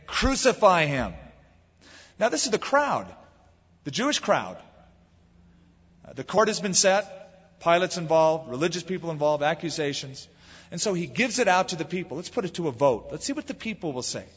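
A man's voice: on the high side, fairly bright tone, slightly rough, in a large hall, dull audio. A man preaching a sermon, dramatically acting out the voices of a crowd. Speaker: pastor.

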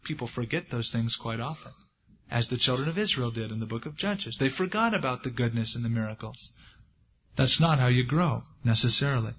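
A man's voice: medium pitch, brisk, breathy edge. A man preaching a sermon, retelling scripture in a folksy storytelling way and acting out the quotes. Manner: folksy storytelling, acts out quotes with lively swings. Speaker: pastor. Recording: dull lo-fi sermon recording.

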